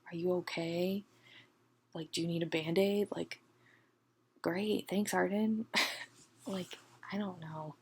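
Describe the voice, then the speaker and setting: A woman in a casual book review rant, her voice gravelly with fry and somewhat low. She speaks slowly and often drops into a breathy half-whisper. She is exasperated and leans on "like" constantly. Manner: exasperated, ranting; peppers talk with "like".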